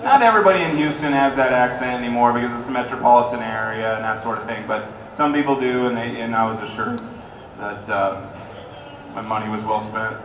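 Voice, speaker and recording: A male actor answering fan questions on a convention panel, telling a story with lively put-on voices. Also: mid-range voice, fairly quick. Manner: animated storyteller, breaks into a put-on drawl. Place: large convention hall. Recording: roomy hall, from far off, noisy crowd.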